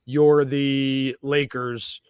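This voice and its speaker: A man's voice: mid-range voice, flat delivery, very slow, darkish tone, clean tone, dry recording. A man hosting a casual sports podcast, rambling and joking, often correcting himself mid-sentence. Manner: rambling, self-correcting, jokey. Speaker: podcast host.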